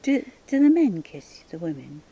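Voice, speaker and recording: A woman's voice: on the low side, big pitch swings, moderate pace, dark tone, breathy edge, muffled recording. A woman with an English accent chatting casually about accents and greetings, laughing often and restarting her sentences. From England. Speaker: English conversation partner. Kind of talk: casual chat.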